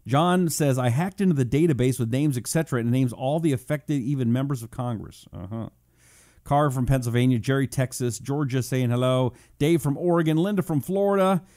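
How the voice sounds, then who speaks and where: A man hosting a live talk show, reading out viewer check-ins between quick jokes and asides. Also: mid-range voice, mellow. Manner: jokey, breezy, quick asides. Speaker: radio talk show host.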